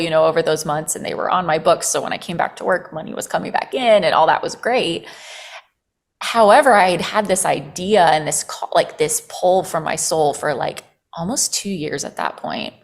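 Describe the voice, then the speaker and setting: A woman with a fairly low voice tells a personal story as a podcast guest. Her delivery is animated and loose, peppered with "like." She swears without a second thought. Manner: animated, frequent "like" fillers, swears casually. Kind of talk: casual conversational storytelling.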